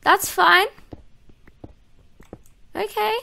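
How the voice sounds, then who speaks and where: A woman giving casual let's-play commentary, excitable and chatty, talking to herself and her viewers as she plays. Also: sits high, unhurried, long pauses, noisy background. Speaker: gaming YouTuber.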